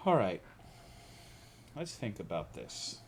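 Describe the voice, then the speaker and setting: A man's voice: low voice, huge pitch swings, takes it slowly, slight background noise. A young American man streaming a game, chatting casually and ranting with lots of swearing while reading chat aloud. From United States.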